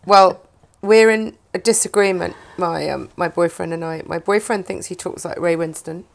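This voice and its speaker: A woman's voice: on the low side, normal speed, vocal fry. A woman hosting a podcast, chatting casually and telling stories about her dog, laughing often. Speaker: podcast host. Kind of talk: casual chat.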